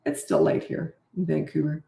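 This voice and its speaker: A woman's voice: low-pitched, big pitch swings, normal speed, gravelly, dark tone, roomy sound. An older woman and parenting coach from Canada, chatting casually and bluntly in a live Q&A, laughing often and losing her thread.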